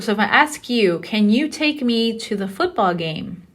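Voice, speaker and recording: A woman's voice: medium pitch, animated, measured pace. A woman teaching a recorded language lesson, explaining step by step in a patient way and often checking in with "okay?". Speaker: Spanish teacher. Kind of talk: recorded lecture.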